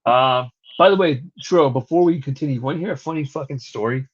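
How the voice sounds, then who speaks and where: On a dull, lo-fi wrestling recap podcast, a young male co-host speaks at medium pitch and a little fast. His storytelling is rambling and profane.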